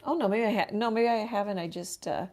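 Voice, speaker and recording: An art teacher paints live on a casual studio livestream, musing to herself and letting thoughts trail off as she works. Her medium-pitched voice is quick and somewhat dark in tone.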